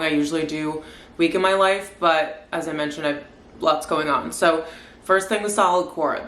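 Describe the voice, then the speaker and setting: A woman's voice: lowish voice, fairly bright tone. A woman in her twenties chatting casually in a home vlog, upbeat and full of "like" fillers. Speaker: lifestyle vlogger. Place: apartment at home. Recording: echoey room, faint background noise.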